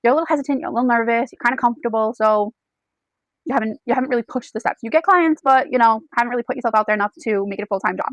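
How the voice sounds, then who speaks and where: A woman's voice: on the high side, rapid-fire, dry recording, rough recording. A woman giving a casual, chatty book review, retelling the plot in second person with frequent check-ins.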